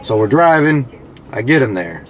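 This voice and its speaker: A man's voice: mid-range voice, very animated, moderate pace. A man who drives for a ride share service, telling stories casually with lots of fillers and quoting his passengers. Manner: conversational, many fillers, mimics passengers in quoted lines. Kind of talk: casual storytelling. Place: in a car.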